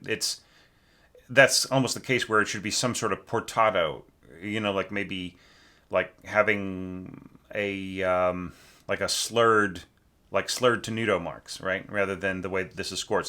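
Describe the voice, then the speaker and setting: A man's voice: fairly low pitch, pushed and bright. A man teaching orchestration, giving a casual spoken critique of a student's score, thinking aloud with frequent restarts and tag questions, sometimes singing rhythms to show a point. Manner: sings rhythms to demonstrate.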